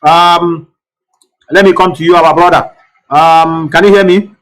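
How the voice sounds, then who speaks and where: A man's voice: on the high side, fairly even intonation, measured pace, fairly bright tone, rough recording. A man hosting a live online talk show, repeating himself and fussing as he tries to reach callers. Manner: repetitive, fussing over technical trouble. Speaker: host.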